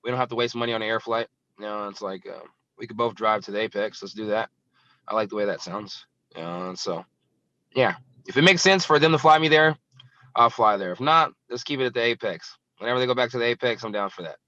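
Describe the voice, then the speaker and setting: A young man talking fast and bluntly, rambling with plenty of fillers. His voice is bright and forceful, and the dry, dull call audio adds a lo-fi edge. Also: fairly low pitch. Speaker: guest fighter. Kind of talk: casual interview talk.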